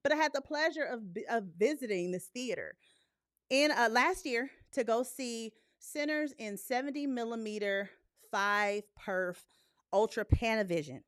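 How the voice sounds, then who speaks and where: Brash, high-pitched woman talk-show host. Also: unhurried, clear, resonant tone, no echo, clean studio sound. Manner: blunt and profane, animated, laughs often. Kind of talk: casual live-stream chat.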